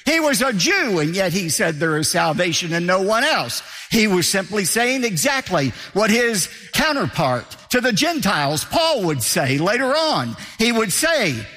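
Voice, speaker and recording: A man's voice: sits high, sharp tone, long reverb tail. A man preaching a sermon as pastor, emphatic and driving his points home by repeating key phrases.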